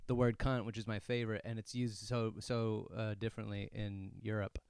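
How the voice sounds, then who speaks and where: A man co-hosting a comedy podcast, telling stories in a casual, animated way and shouting out bits of them. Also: on the low side, moderate pace, creaky, clear, resonant tone, dry recording. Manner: animated, shouts when acting out a story.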